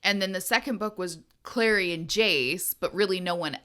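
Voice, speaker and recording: A woman's voice: lowish voice, normal speed, sharp tone. A woman co-hosting a podcast in casual chat, talking in a chatty, rambling way and laughing often. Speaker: podcast co-host. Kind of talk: casual book-club chat.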